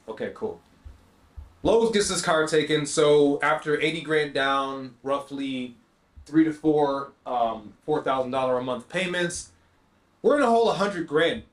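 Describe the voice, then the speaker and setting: A man with a fairly high speaking voice tells a story on his podcast in a loose, slangy style. He acts out both sides of each exchange with lively swings. The room around him adds a noticeable echo. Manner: animated, slangy storytelling with acted-out dialogue. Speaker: podcast host. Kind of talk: storytelling monologue. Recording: roomy echo.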